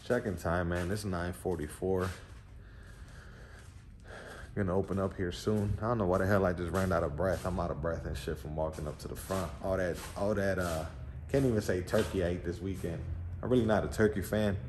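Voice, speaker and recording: Laid-back deep-voiced man vlogging. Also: steady tone, a little fast, a little mellow, slight background noise. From Puerto Rican heritage. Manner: laid-back, rambling, curses, many fillers like "you know". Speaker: vlogger at a wheel and tire shop. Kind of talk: casual vlog walkthrough. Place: tire and wheel shop.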